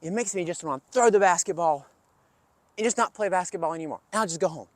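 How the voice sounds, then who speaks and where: A man hosting an energetic kids' lesson, coaching children through calming breaths and movement. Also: sits high, quick pace, no echo. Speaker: kids' fitness and social-emotional learning host.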